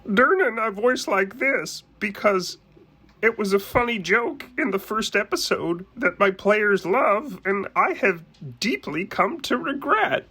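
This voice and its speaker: Piping, strained comic tavern keeper, slow and bright, for a tabletop game. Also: male voice, animated, husky, heavily acted. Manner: thin, high, strained delivery. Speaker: game master.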